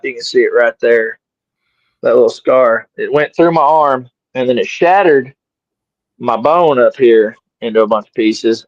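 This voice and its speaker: A man's voice: medium pitch, no echo. A middle-aged man, an interview guest, casually telling a story and animatedly acting out his own lines. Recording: dry, slightly dull sound.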